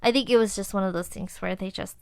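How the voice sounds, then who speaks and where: A woman's voice: medium pitch, quick pace, gravelly, clear, resonant tone, no room sound. A young adult woman hosting a podcast, telling a personal story in a casual way and acting out what people said. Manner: animated retelling, acting out her own quotes. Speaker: podcast host.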